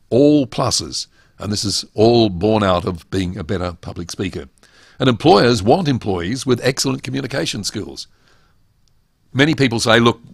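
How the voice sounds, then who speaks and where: A man's voice: fairly low pitch, vocal fry, husky, no room sound, clean studio sound. A middle-aged man giving a webinar lecture on public speaking, emphatic and full of rhetorical questions.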